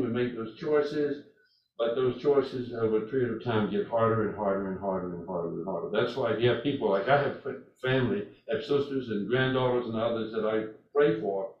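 An older man preaching a sermon, speaking earnestly and repeating himself, with lively storytelling. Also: medium pitch. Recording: echoey hall from far off, dull.

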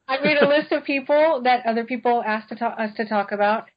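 A woman's voice: a little high, a little fast. Chatty nasal woman hosting a podcast. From US West Coast. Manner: chatty, freewheeling, self-deprecating. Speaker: podcast host. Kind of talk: casual podcast chat. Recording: dull lo-fi podcast audio.

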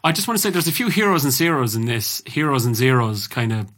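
This man from Ireland hosts a podcast, and his mid-range voice moves at a quick pace. He chats loosely and spins stories full of swearing, with lively, animated energy.

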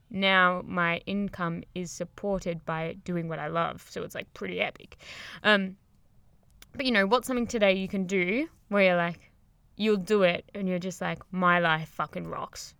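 Young woman, podcast host, upbeat and rambling, swears a lot, smooth voice, close mic. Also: fairly low pitch, a bit bright, no room sound. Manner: upbeat, rambling, swears freely, laughs often. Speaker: podcast host, yoga teacher. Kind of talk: casual motivational monologue. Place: crouched under blankets. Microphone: very close to the microphone.

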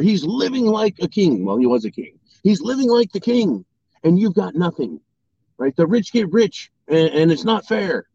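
A man's voice: fairly high pitch, a little mellow, husky, no room sound. A man delivering a political opinion monologue, firing rhetorical questions and often asking "right?" to his audience. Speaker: political commentator. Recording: dry, dull lo-fi sound.

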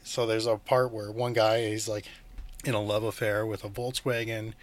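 A man's voice: fairly low pitch, level tone, normal speed. A man co-hosting a casual film podcast, enthusiastic, laughing often and acting out scenes. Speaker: podcast co-host.

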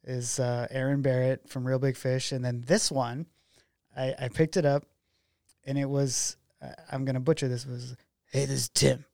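A man's voice: mid-range voice, moderate pace, no echo, studio quality. A man, a documentary filmmaker guest, chatting casually in an interview and acting out the dialogue in his stories. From Oregon. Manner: animated storyteller who acts out quoted dialogue.

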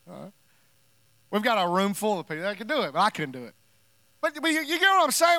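A man's voice: high-pitched, big pitch swings, fast, sharp tone, no room sound. A male pastor preaching a sermon in a conversational, emphatic way, breaking off for playful asides to the congregation.

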